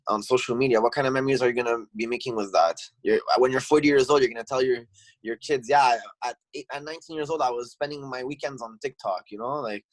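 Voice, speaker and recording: A man's voice: medium pitch, no echo, poor audio. A man, a gym owner talking as a podcast guest, heated and swearing, restarting his sentences. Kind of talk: casual chat.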